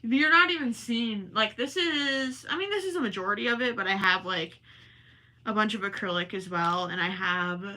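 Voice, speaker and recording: A young woman chats with her livestream viewers while she crochets, rambling and correcting herself as she goes. Her voice is very bright and sits at a middle pitch for a woman. Now and then she drifts a bit off the mic. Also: moderate pace. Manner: chatty and rambling, self-correcting, talks while working. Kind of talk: casual chat while crocheting live.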